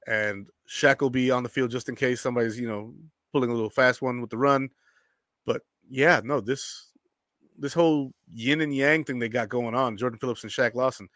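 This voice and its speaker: A man hosting a casual sports talk stream, reading viewer comments and joking in quick, energetic bursts. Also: mid-range voice, no echo, studio quality. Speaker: sports show host.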